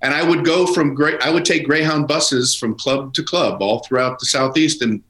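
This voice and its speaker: A man's voice: mid-range voice, normal speed, fairly bright tone, reverberant, rough recording. A man, a comedian guest, telling rambling anecdotes in casual chat and acting out the dialogue, from his home office.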